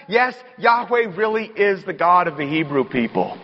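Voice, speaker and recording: A man preaching a sermon, emphatic and building to loud, rising exclamations. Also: sits high, expressive, moderate pace. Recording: dull, hall-like reverb.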